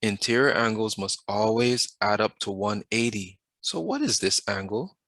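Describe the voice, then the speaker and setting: A man's voice: fairly low pitch, animated, moderate pace, fairly bright tone, dry recording. A man teaching a math class over a video, often stopping to put questions to the students and waiting for answers. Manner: asks the class questions, patient.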